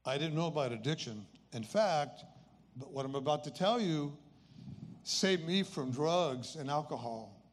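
A man's voice: a little high, lively intonation, unhurried. A man in his eighties telling a personal story as a faith testimony in an earnest, conversational way. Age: 80s. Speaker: speaker sharing a personal testimony.

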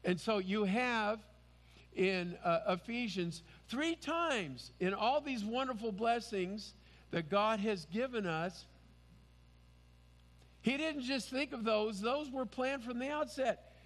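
A man's voice: sits high, lively intonation, slow pace, a bit bright, long reverb tail. A man preaching a sermon as pastor, earnest and emphatic.

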